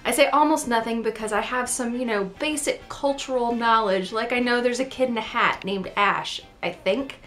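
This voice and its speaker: A woman's voice: a little high, normal speed, few pauses, a bit bright, faint music behind. Playful chatty woman vlogger. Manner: playful, self-deprecating, chatty. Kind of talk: casual chat.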